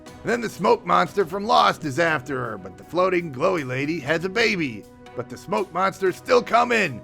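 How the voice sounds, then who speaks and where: A man recaps a movie with sarcastic, deadpan asides. His voice is very gravelly and a bit high. Soft music plays under his narration. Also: normal speed. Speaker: movie reviewer.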